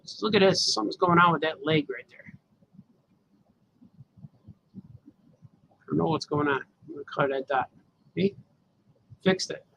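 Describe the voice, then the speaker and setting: A man's voice: on the high side, animated, unhurried, vocal fry, pauses often, bright, forceful tone, highs cut off. A man cartoonist chatting casually to viewers as he colors his comic pages, rambling as he works. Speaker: cartoonist livestreaming his drawing. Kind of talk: casual live commentary while drawing.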